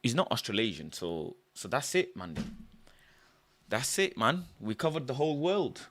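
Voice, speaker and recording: Animated man musing aloud. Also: mid-range voice, normal speed, no room sound. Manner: animated, musing aloud, loud shouted bursts. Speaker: livestream host. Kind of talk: casual livestream chat.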